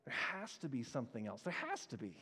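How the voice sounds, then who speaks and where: A man preaching a sermon as a pastor, animated and acting out the crowd's reactions. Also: mid-range voice, fast, slightly rough, big-room sound. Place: church sanctuary.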